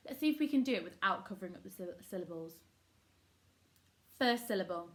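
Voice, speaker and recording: A woman's voice: medium pitch, animated, fairly quick, pauses often. A woman teaching a phonics lesson to young children, upbeat and encouraging, sounding words out syllable by syllable. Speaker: primary school teacher.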